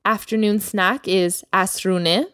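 A woman hosting a language lesson podcast as the teacher, speaking clearly and slowing down to model new words. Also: medium pitch, steady tone, a bit bright, no room sound, studio quality. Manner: clear teacherly delivery, slows down for vocabulary. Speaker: Persian teacher, podcast host.

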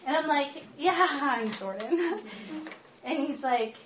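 Sex: woman. Pitch: fairly high. Style: sermon with storytelling. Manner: chatty, laughs often. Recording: roomy echo, faint ambience. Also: slight background noise. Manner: lively, chatty, laughs often while telling stories; slows down and softens for earnest teaching. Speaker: speaker giving a talk to a small gathering. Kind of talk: sermon mixed with personal storytelling.

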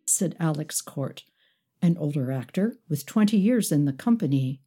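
A woman narrating a novel, expressive and wry. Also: low-pitched, unhurried, breathy edge. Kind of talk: audiobook narration.

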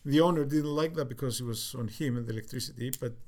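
A man in his sixties with a Cypriot accent, recounting his life as an interviewee in a halting way with many fillers and restarts. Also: mid-range voice, a crowd in the background. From Cyprus. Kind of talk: reflective storytelling.

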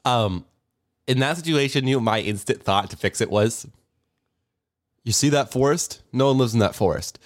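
A man's voice: mid-range voice, normal speed, long pauses, no echo, clean studio sound. A young man co-hosting a podcast in a playful, joking way, throwing out trivia. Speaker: podcast co-host. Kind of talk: casual chat.

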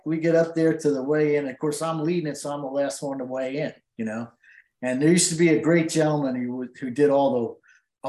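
A man's voice: mid-range voice, a little mellow. A middle-aged man, a tournament angler, telling a long emotional story with many fillers and restarts in an interview. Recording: roomy echo.

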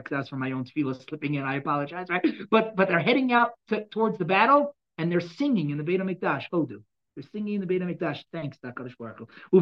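A man teaching a Bible class, reading verses aloud and explaining them in a dramatic, animated way, from loud bursts to quiet asides. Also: on the high side, dull audio. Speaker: Torah teacher.

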